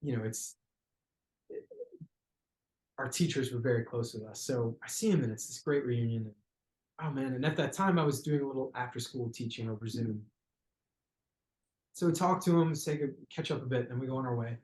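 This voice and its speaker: A man's voice: mid-range voice, moderate pace, pauses often, darkish tone. A man, a podcast guest, telling a personal story in a reflective, conversational way, searching for words with frequent restarts. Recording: roomy podcast recording.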